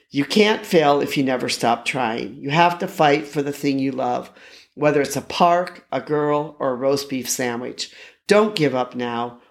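A man's voice: mid-range voice, gravelly. A man reading out the lines of a big, friendly talking cartoon bear in his own everyday voice, with little voice change.

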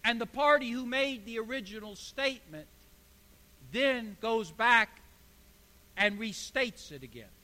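High-voiced, slow, bright male preacher. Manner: emphatic preaching that swells to forceful declarations. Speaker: pastor. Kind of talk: sermon. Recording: hall reverb.

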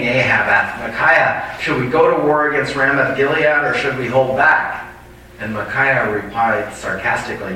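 Bright-voiced man preaching in an echoey hall. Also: medium pitch, a little hiss or hum. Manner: reads scripture aloud, breaks off with asides to the congregation. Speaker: pastor. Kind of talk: sermon reading scripture with commentary. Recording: distant mic in a very echoey hall.

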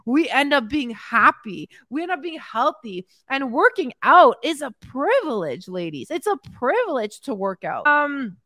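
On a live stream from her home in Mexico, a fitness coach and podcast host reads viewer comments about her clients' wins, cheering them on and growing emotional. Her high voice swings widely in pitch, a little slow with few pauses and a bit bright. The sound is clean studio audio without room noise, and her manner is upbeat, hype-filled and heart-on-sleeve.

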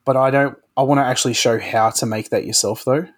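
A man's voice: mid-range voice, steady tone, fast talker. A man hosting a podcast, chatting casually and rambling with lots of fillers. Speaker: podcast host. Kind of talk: casual chat.

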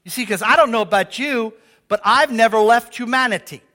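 Older male pastor, high-pitched, conversational sermon with call-and-response. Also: a little fast. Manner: lively, conversational preaching with audience call-outs.

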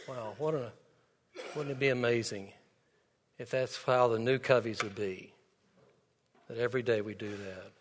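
Speaking at normal speed with long pauses, a medium-pitched man preaches as pastor in a church sanctuary. He is earnest and tells stories with quoted dialogue; there's slight background noise and a long hall reverb.

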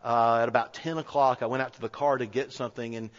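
A man's voice: mid-range voice, fairly even intonation, fast. Male pastor, conversational sermon storyteller, earnest, echoey hall. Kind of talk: sermon told as a personal story. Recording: echoey hall, dull lo-fi sound.

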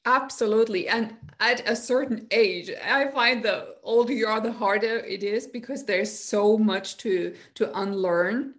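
A woman anxiety coach on a podcast, telling personal stories in a lively, energetic way. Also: mid-range voice, unhurried, hardly any pauses. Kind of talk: podcast conversation.

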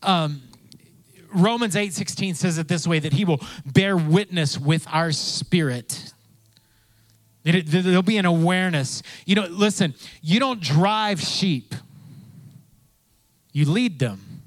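A man's voice: sits high, a little slow, long pauses, no room sound. Chatty preacher man, dry close sound. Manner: conversational preaching, repeats phrases, acts out quoted voices. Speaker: pastor. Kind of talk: sermon.

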